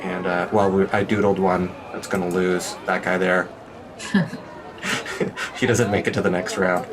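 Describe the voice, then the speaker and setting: A man running a tabletop game as game master, narrating in a playful manner with frequent laughs and quick asides. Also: low voice, steady tone, a crowd in the background.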